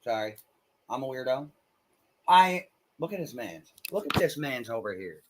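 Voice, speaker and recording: A man streaming live, chatting casually with viewers in a blunt, crude and excitable way. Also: medium pitch, normal speed, a little hiss or hum. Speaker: livestreamer. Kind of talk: casual livestream chat.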